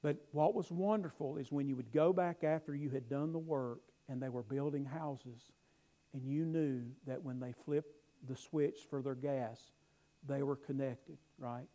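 A middle-aged man preaching a sermon, telling stories with emphatic rises and quiet asides. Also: medium pitch, a little slow, low-quality recording. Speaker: pastor.

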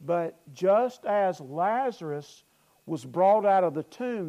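A man preaching a sermon as pastor, earnest, swelling loud and then dropping low, often repeating and restarting his phrases. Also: lively intonation, takes it slowly, muffled recording.

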